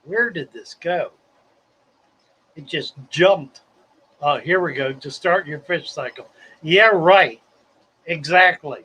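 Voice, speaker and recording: A man hosting a casual livestream, talking slowly with wry, sarcastic asides. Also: fairly high pitch, pushed and bright, breathy edge, poor audio. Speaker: livestream host.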